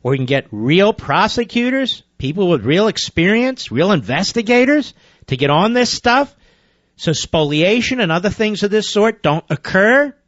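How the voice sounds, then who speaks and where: A man's voice: high voice, very animated, moderate pace, a bit bright, no echo, highs cut off. A man hosting a talk radio show, reading news items aloud and breaking into sarcastic, indignant commentary.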